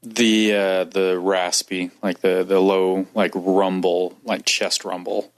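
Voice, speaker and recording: A man's voice: low voice, little pitch movement, slow. A man co-hosting a podcast in casual chat, hesitant and restarting his sentences. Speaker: podcast co-host.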